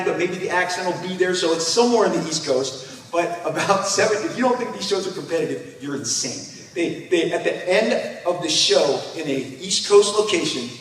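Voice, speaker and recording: A man in his fifties, a comic creator speaking on a convention panel, telling animated stories and acting out voices. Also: high voice. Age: 50s. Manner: animated storyteller who acts out voices. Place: large convention hall. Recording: echoey hall, speaker far from mic.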